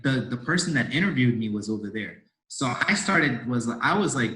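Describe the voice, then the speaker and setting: A man's voice: medium pitch, lively intonation, normal speed, hardly any pauses, sharp tone. A young man in his twenties from India, a podcast guest telling his story in a rambling, casual way with lots of fillers and restarts. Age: 20s. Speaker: podcast guest, door-to-door salesman. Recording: roomy echo.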